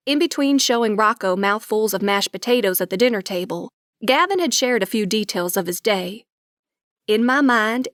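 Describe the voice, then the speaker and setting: A woman narrating a romantic comedy audiobook in first person, with wry, lively storytelling. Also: mid-range voice, no room sound, clean studio sound.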